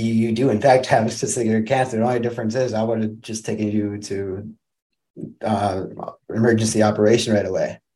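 A man's voice: medium pitch, a little mellow. A young man from Wisconsin, a podcast guest, tells a personal story in a casual, rambling way, full of restarts. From Wisconsin, USA.

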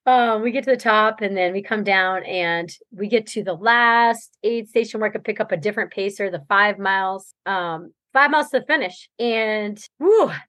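A woman's voice: medium pitch, normal speed, hardly any pauses, a bit bright, no room sound. A woman guest on a podcast, recounting a race in loose, rambling talk and laughing often. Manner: rambling storytelling, laughs often, many fillers. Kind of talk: casual interview chat.

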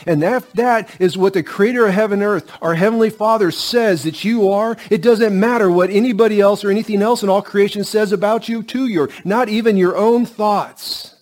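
A middle-aged man preaching a sermon as pastor, earnest and emphatic, slowing down and dropping to a hush on key lines. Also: sits high.

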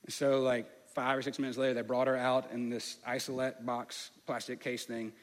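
A man's voice: mid-range voice, little pitch movement, normal speed. A man with a slight lisp, telling a personal story in a sermon in a candid way with many fillers. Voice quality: slight lisp on some words. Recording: long hall reverb.

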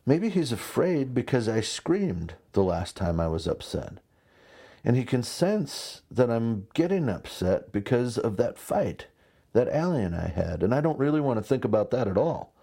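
A man in his thirties preaching a conversational sermon, telling stories with lively asides. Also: mid-range voice, moderate pace, vocal fry, husky. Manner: conversational, animated storytelling with asides. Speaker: pastor.

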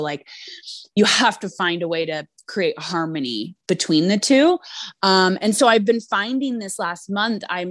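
A woman's voice: fairly low pitch, no room sound, studio quality. A woman co-hosting a podcast, talking in a reflective, earnest and loosely phrased way in casual chat. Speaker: podcast co-host.

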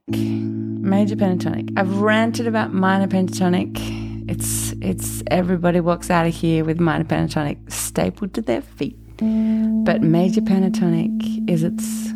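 A woman's voice: on the low side, creaky. A woman teaching singing on a podcast, playful and encouraging, dropping into sung demonstrations. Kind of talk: podcast vocal lesson.

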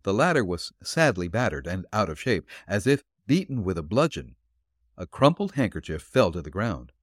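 A man narrating a detective story in a low voice that moves expressively up and down. His delivery is steady and measured. The sound is dry and close to the mic. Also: no echo. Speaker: audiobook narrator.

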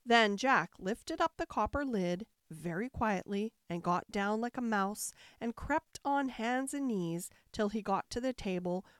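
A woman tells a fairy tale in an expressive storybook manner, leaning into the dramatic beats. Her voice sits mid-pitch, and the recording is dry and close. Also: no echo. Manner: expressive storybook narration with rising emphasis.

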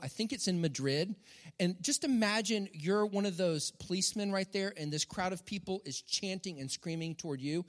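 A middle-aged man preaching a sermon with animated, dramatic storytelling and emphatic repetition. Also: high voice. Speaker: pastor. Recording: long hall reverb.

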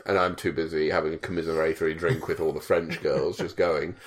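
A man's voice: very deep voice, little pitch movement, a little fast. A man co-hosting a podcast, casually riffing and joking with his partner. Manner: jokey, riffs on his partner's stories. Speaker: podcast co-host. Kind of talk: casual comedic chat.

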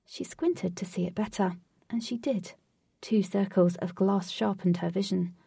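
Husky, gravelly woman narrating a storybook. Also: medium pitch, measured pace, no echo, recorded from a distance. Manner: steady, even storytelling. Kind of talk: audiobook reading.

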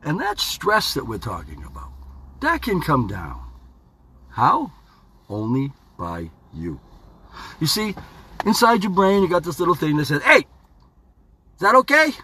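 Lively folksy man musing aloud. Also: a little high, a little slow, long pauses, a little hiss or hum. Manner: folksy, playful, talks to himself. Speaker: podcast host. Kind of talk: rambling motivational monologue. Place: home studio.

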